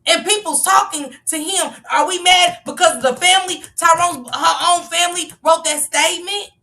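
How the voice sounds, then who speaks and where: A woman's voice: very high-pitched, normal speed, pushed and bright, distant mic. A woman giving passionate live-stream commentary, firing off rhetorical questions and sometimes raising her voice. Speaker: livestream commentator.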